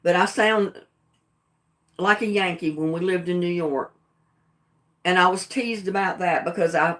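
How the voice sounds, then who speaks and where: A woman's voice: on the low side, unhurried, pauses often. A middle-aged woman with a Southern US accent, talking plainly and defiantly on her own livestream. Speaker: livestream host. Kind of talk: casual livestream talk.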